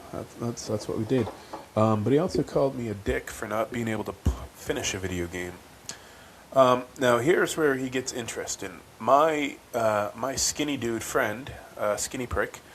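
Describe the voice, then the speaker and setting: Rambling low-voiced man, podcast host. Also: low-quality recording. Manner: rambling, many ums and restarts. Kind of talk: casual storytelling monologue. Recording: faint background noise.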